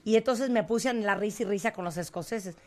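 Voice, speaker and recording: A woman with a Mexican accent hosting a radio interview, lively and jokey, switching languages. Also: mid-range voice, quick pace. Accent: Mexican Spanish. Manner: lively, jokey, switches between English and Spanish. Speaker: radio host. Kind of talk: casual interview chat.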